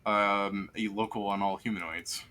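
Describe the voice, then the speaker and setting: A man's voice: fairly low pitch, fairly even intonation, normal speed, pushed and bright. A man narrating a tabletop game as game master, describing scenes in a rambling way full of fillers.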